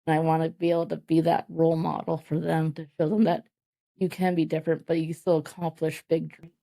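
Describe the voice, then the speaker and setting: A woman in her thirties speaking as a podcast guest, in candid, halting talk full of restarts and filler words. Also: low voice, level tone, gravelly, dark tone. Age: 30s. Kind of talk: candid conversational interview.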